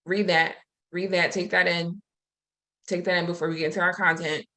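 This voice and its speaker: A woman presenting over a video call who leads a slow, soothing breathing exercise and reads affirmations aloud. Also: on the low side, flat delivery, poor audio. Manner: soothing, slow guided meditation cues, warm affirmations. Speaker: summit presenter.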